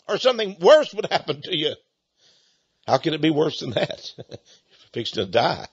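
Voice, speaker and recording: A man preaching a sermon in a folksy, animated storytelling manner, often chuckling. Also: a little high, normal speed, long pauses, slightly rough, no room sound. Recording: dull dry lo-fi recording.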